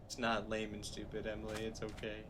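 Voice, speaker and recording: A woman streamer reacting to a gameplay video, expressive and talking back to the screen. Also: a bass voice, brisk, heavy background noise. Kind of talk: reaction commentary.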